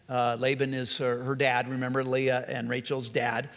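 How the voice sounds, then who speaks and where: A man preaching a sermon, earnest and repetitive, sometimes dropping to a soft, quiet voice. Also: medium pitch, flat delivery, moderate pace, few pauses. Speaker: pastor. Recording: long hall reverb.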